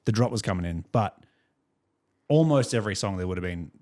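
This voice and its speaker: Brief: young Australian man, lowish voice, rambling chatty podcast co-host who chuckles through his anecdotes. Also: animated, brisk, darkish tone. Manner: rambling storyteller, chuckles often. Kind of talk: casual chat.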